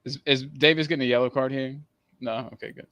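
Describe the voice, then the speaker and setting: A man's voice: mid-range voice, steady tone, a little fast, fairly bright tone, no room sound. A man chatting casually on a live football watchalong, repeating and restarting his words as he jokes and asks questions.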